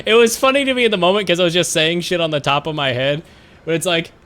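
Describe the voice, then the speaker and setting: A man's voice: a little high, fast, sharp tone. A young man streaming live and chatting casually while gaming, rambling with stammered repeats and frequent giggles.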